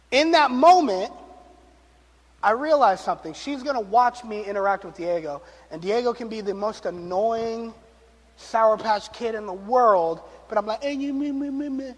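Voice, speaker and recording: A young man preaching a sermon to his congregation in a conversational, animated way, speaking straight to the people in front of him. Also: high voice. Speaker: pastor. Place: church sanctuary. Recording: long reverb of a large hall.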